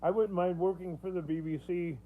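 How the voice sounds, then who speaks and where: A livestream host rambles casually, chuckling often as he answers viewer comments. His high-sitting voice is fairly quick with rather even intonation, and the sound is tinny and phone-like with a faint hum.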